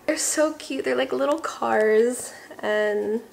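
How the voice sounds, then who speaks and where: A woman's voice: on the high side, slow pace, creaky. A young woman vlogger chatting casually about her Christmas gifts, gushing and full of fillers. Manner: gushing, chatty, repeats fillers like "like" and "I don't know". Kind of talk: casual vlog chat.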